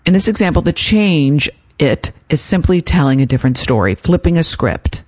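A woman speaks on her self-help podcast in a gentle, encouraging way. Her pitch swings widely as she coaches the listener. She is calm and kind as she gives advice. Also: moderate pace. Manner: gentle, encouraging, acts out her inner voice in quotes. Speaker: podcast host and life coach.

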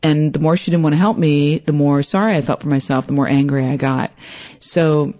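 A woman's voice: deep voice, steady tone, fairly quick, mellow. A woman hosting her own show, telling a personal story in a candid, self-deprecating and rambling way. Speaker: podcast host.

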